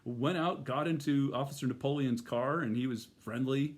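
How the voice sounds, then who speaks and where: A man's voice: mid-range voice, moderate pace. A middle-aged man telling a personal story in a casual, rambling way, full of fillers and restarts.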